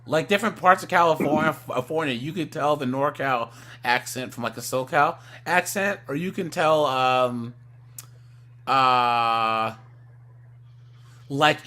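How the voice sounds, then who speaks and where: A man from the US West Coast hosting a casual livestream chat. He talks in an animated way and gets loud when he tells stories. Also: medium pitch, normal speed. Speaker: livestream host.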